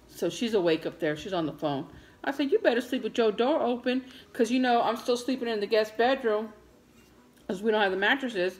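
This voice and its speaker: A middle-aged woman vlogs from home, chatting casually and dramatically with her viewers. Her voice is on the high side and fairly quick, and her storytelling is animated.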